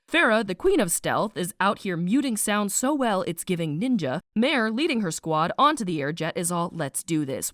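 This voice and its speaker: A woman narrating a snarky animated book summary, playful and sarcastic, with slang asides and spoken sound effects. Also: mid-range voice, no room sound, clean studio sound.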